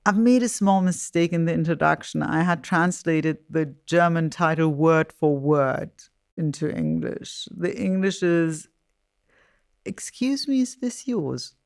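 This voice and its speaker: A woman from Iran hosting a podcast interview, asking questions in a brisk, playful way. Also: low voice, smooth, no room sound, studio quality. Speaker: podcast host. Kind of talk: interview conversation.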